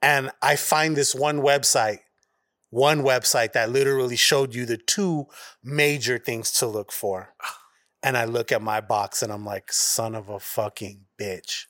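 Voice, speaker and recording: A man's voice: mid-range voice, unhurried, fairly bright tone. A man from Arizona co-hosting a podcast, telling a long profane story with a lot of animation. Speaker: podcast co-host. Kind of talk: casual chat.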